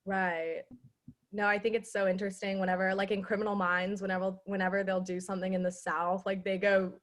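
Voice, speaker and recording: A woman's voice: mid-range voice, little pitch movement, a little fast. A woman hosting a casual video call, apologetic and gushing. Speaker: club executive board member.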